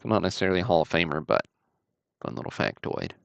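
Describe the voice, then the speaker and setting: Male livestream host, very low gravelly voice, relaxed chatty delivery. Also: fast talker, dry recording, dull audio. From Alabama. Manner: easygoing, chatty running commentary. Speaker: host of a card-break livestream. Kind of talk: casual livestream commentary.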